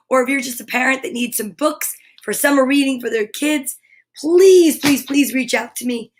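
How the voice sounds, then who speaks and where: A woman, a comedian, reading a picture book aloud in an expressive, dramatic way, with hushed passages. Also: sits high, moderate pace, a little hiss or hum. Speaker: comedian and storyteller.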